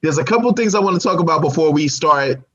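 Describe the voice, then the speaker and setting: Male co-host, higher voice, energetic casual reviewer, lo-fi recording. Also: quick pace. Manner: animated, laughs often, repeats himself. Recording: dull lo-fi audio.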